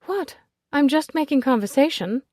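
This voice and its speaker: A woman voicing a brash, cheeky aristocratic lady who teases loudly and bluntly. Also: high voice, animated, moderate pace, no echo, clean studio sound, voice pushed up. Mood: teasing. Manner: bold, cheeky, exclamatory. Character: brash, bawdy aristocratic lady, teasing and loud.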